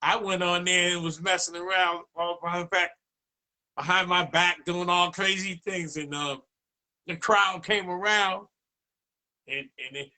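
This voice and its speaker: A man tells stories as a DJ guest in a relaxed interview. His voice sits a bit high and bright, and it jumps up when he plays out other people's lines. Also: a little slow. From Boston, USA. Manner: animated, acts out dialogue in raised voice. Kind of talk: casual storytelling interview.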